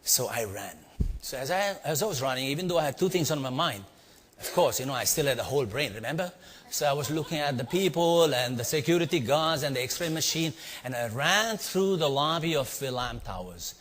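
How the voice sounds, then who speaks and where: A man from India with an Indian accent, telling a story to a live audience and quizzing them with quick asides. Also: mid-range voice. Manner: animated, quizzing the audience with "yeah?" and "right?". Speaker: leadership speaker. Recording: long hall reverb.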